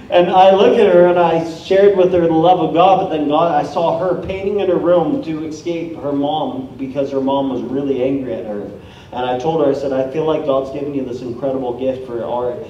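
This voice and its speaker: Male preacher, energetic storyteller, mellow tone, far off in a reverberant church hall. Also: fairly high pitch, brisk, a little hiss or hum. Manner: energetic, storytelling, acts out quoted people. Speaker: guest preacher. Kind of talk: sermon with personal stories. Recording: echoey hall, from far off, dull sound.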